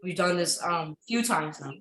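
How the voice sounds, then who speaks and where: A woman's voice: fairly low pitch, normal speed, a bit bright, reverberant, a little hiss or hum, low-quality recording. A woman teaching an English lesson to a class, patient and encouraging, with frequent ums and uhs as she explains.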